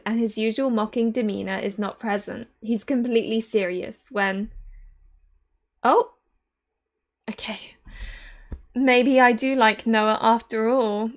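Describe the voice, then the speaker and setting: A woman in her thirties, excitably reading a visual novel aloud and reacting with giggles. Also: fairly high pitch. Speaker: game streamer.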